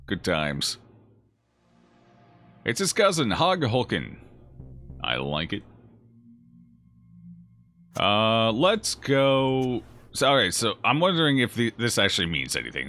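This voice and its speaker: A man's voice: deep voice, gravelly, bright, forceful tone. A man streaming a game, chatting casually and jokingly as he reacts aloud to his chat. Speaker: gaming streamer. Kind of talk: casual let's-play commentary answering chat.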